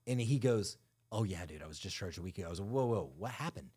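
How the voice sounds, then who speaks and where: A man's voice: low-pitched, lively intonation, fast talker, a little mellow, husky. A man co-hosting a podcast, telling a candid, profane story in casual chat and acting out the quotes. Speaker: podcast co-host.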